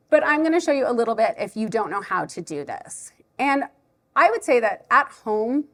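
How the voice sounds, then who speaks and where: A woman who teaches preschool, giving a chatty, animated live talk to a parent audience at a library event. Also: medium pitch. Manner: chatty, animated, self-deprecating.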